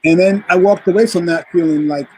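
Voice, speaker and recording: This Bronx, New York man speaks high and fairly quick over slight background noise, and the audio is poor. As a guest musician in a casual interview, he tells an animated anecdote, performing each quoted voice.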